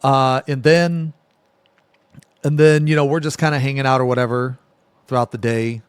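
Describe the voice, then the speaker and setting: A man's voice: mid-range voice, steady tone, moderate pace, smooth, no room sound. A man telling a spooky personal story on a live stream, casual and rambling, full of fillers and swearing. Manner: rambling, profane, filler-heavy.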